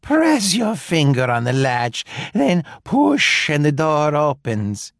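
A man voicing a sly, hungry male wolf who talks slowly and coaxingly. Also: huge pitch swings, gravelly, no room sound, studio quality, full character voice. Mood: falsetto disguise. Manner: slow, low and coaxing.

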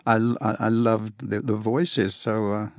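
A man's voice: on the low side, steady tone, unhurried, dry recording, studio quality. An English man, an audiobook narrator, answering interview questions in an enthusiastic, chatty way with frequent fillers.

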